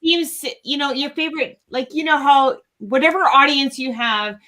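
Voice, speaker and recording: A woman co-hosting a casual chat, talky and quick to laugh. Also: sits high, bright, forceful tone. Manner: chatty, laughs often, lots of fillers. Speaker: co-host.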